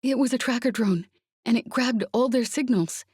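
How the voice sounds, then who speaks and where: Lady reader doing a panicky young guy on the comm, high and rushed. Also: darkish tone, husky, dry recording, studio quality. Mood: frantic. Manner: urgent and breathless. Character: frantic young man calling on comm.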